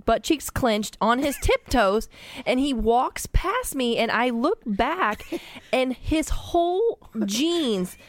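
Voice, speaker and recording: A woman's voice: high voice, sing-song, slow pace. A woman, a podcast guest, telling a long funny story in casual chat and often breaking into laughter.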